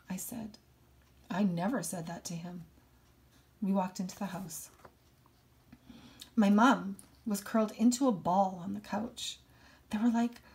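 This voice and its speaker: A woman reading a novel aloud and explaining it thoughtfully between passages. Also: mid-range voice.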